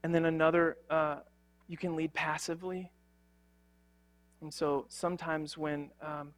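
A man's voice: fairly high pitch, a bit bright. A young man preaching a sermon as a pastor, earnest and conversational, with frequent fillers and restarts.

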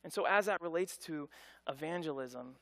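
A man's voice: a little high, moderate pace. A middle-aged man preaching a conversational, story-driven sermon, acting out the people in his stories. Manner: conversational, animated storytelling with voiced quotes. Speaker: pastor.

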